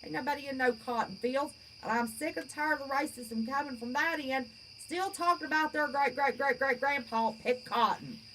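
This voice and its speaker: Her high, slightly bright voice moves at a moderate pace with barely a pause as she reads through viewer comments. She's a fifties-aged West Virginia woman hosting her own livestream, outspoken and folksy in her bluntness. The audio is poor, carrying a faint hiss or hum.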